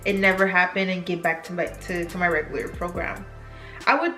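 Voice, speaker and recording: This time the French-accented YouTuber sounds fairly low-pitched, with a level, sharp tone, and talks a little fast. She's candid in her confessional vlog, slipping into French mid-sentence, while faint music plays in an echoey room.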